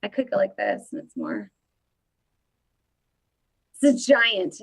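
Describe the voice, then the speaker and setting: A woman's voice: mid-range voice, wildly swooping pitch, takes it slowly, slightly rough, poor audio. A woman hosting a casual livestream, playfully greeting viewers by name as she chats. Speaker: livestream host.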